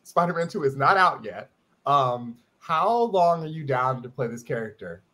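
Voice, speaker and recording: A man's voice: mid-range voice, animated, normal speed, bright, forceful tone. A man co-hosting a show, teasing dryly and reading out questions from the chat. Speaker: co-host. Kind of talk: casual interview chat.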